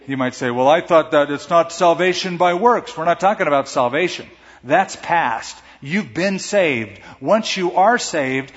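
A man preaching a sermon as pastor, emphatic and rising to strong peaks of emphasis. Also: on the high side. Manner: emphatic preaching with dramatic swings in loudness. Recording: echoey hall, dull muffled sound.

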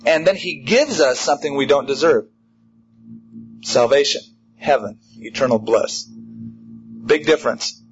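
A man preaching a sermon in an emphatic, animated way, driving home a repeated refrain. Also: medium pitch, moderate pace, pauses often, muffled recording, slight background noise. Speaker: pastor.

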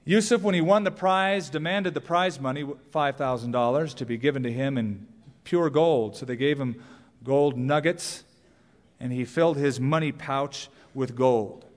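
Emphatic preacher in a reverberant hall. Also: male voice, normal speed. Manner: emphatic preaching, rising to high cries on key phrases. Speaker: pastor. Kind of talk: sermon. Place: church sanctuary. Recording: long reverb of a large hall.

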